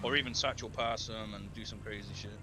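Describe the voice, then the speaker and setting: A man's voice: fairly low pitch, steady tone, brisk. A British man in casual roleplay chat, laid-back and swearing, teasing his friends. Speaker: streamer playing a roleplay character. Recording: noisy game stream with traffic. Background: car and street noise.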